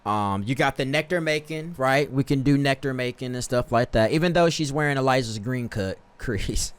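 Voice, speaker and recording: Man, streamer, casual game commentary, slangy, self-correcting, mid-pitched voice. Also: moderate pace, clean tone. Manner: laid-back, slangy, corrects himself often.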